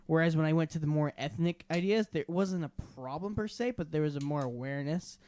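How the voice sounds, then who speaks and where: A man's voice: a little high, a little fast, a little mellow. A young man co-hosting a podcast, explaining his views in a thoughtful, opinionated way. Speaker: podcast co-host. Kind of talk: casual chat.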